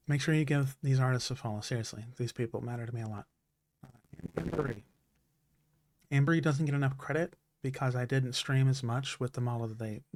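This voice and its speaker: Speaking live on stream, a man offers moving thanks, though his words come haltingly with fillers and restarts and a slight rasp creeps into his throat. He has a medium-pitched, slightly mellow voice. There is no echo.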